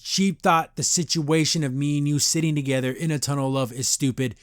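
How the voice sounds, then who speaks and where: A man's voice: fairly high pitch, darkish tone, dry recording, studio quality. A man hosting a podcast and reviewing a cartoon episode in a casual, rambling way, often acting out characters' lines in exaggerated voices. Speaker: podcast host.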